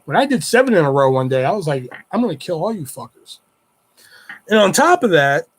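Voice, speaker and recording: Dude on a livestream rambling through stories, swears constantly, kinda high voice. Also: male voice. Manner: rambling and heavily profane. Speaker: livestream host. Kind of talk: casual storytelling chat.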